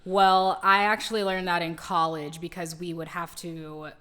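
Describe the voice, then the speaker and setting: A woman's voice: fairly low pitch, level tone, moderate pace, a bit bright. A woman guest, a former newscaster, answering interview questions earnestly and thoughtfully, with fillers like "um" and "like".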